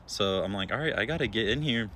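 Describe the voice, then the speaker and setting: A young man, an emergency room nurse, telling a story to his followers in a chatty, relaxed way with lots of filler words. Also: fairly low pitch, fast.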